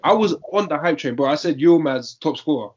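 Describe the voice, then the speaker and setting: A man's voice: on the high side, expressive, a little fast. A young man, chatting casually about football in a slangy, emphatic way and repeating his points. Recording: dull lo-fi audio.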